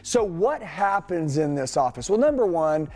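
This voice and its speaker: A man coaching salespeople in an energetic, punchy way, firing off rhetorical questions. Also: on the high side, normal speed. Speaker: sales trainer.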